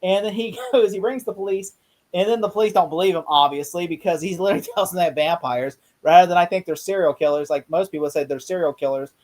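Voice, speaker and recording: A podcast co-host retelling a movie scene in a casual review chat, rambling excitedly and laughing often. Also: mid-range voice, fast.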